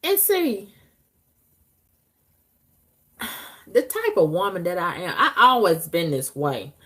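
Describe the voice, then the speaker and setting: A woman vlogging, telling her viewers a story in a blunt, profane, animated way. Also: lowish voice, measured pace.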